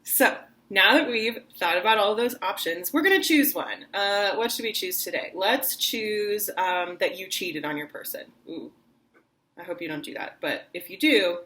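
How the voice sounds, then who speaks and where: A woman's voice: medium pitch, moderate pace, hardly any pauses, sharp tone. Opera-singer woman as voice teacher, casual and chatty, slips into acted lines. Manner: chatty, full of "like" fillers; acts out short dramatic quotes mid-explanation. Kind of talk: casual online singing lesson.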